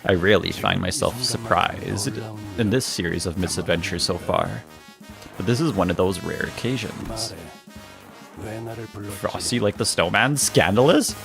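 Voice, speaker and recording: A man's voice: fairly low pitch, vocal fry. A young man streaming a game, reading its dialogue aloud in playful voices and joking with his chat.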